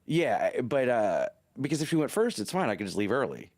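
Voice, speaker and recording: A man's voice: medium pitch, very animated, a little fast, a little mellow, dry recording. A man co-hosting a casual podcast chat, making dry wisecracks. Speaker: podcast co-host.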